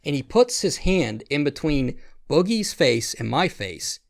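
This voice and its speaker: A man's voice: on the high side, very animated, measured pace, creaky, a little hiss or hum. A man hosting a podcast, telling a rambling, profane story with lots of restarts and quoted voices. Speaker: podcast host. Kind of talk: casual storytelling chat.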